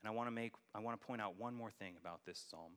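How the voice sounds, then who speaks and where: A man's voice: fairly low pitch, fast, fairly bright tone, clear, resonant tone. A man preaching a sermon as a church elder, earnest and building to emphatic peaks. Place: church sanctuary.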